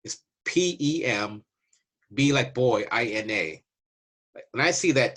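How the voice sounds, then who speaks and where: A man from Canada talks through a border story in a loose, chatty way, slipping into the voices of the people he met. His voice has a slightly husky, breathy edge and sits at an ordinary pitch for a man. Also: lively intonation, takes it slowly, long pauses, a bit bright. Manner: chatty, acts out border dialogues. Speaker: waiver service representative. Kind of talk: casual storytelling to camera.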